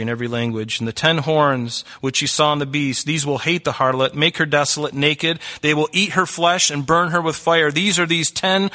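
A man's voice: fairly high pitch, pushed and bright. A man preaching a sermon as pastor, earnest and urgent, asking the congregation many questions.

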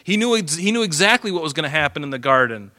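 A man preaching a sermon, lively and animated, swinging from loud emphasis to hushed asides. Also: fairly high pitch, quick pace, no room sound, studio quality. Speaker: pastor.

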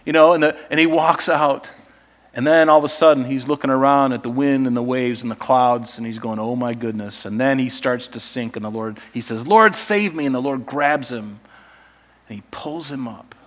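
A male pastor preaching a sermon in a conversational, animated storytelling way. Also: medium pitch, moderate pace.

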